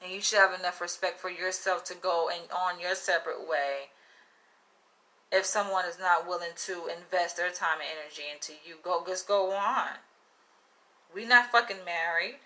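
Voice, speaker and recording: A young woman giving a blunt, profane, animated monologue to camera, laughing often as she talks. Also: fairly low pitch, normal speed. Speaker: vlogger.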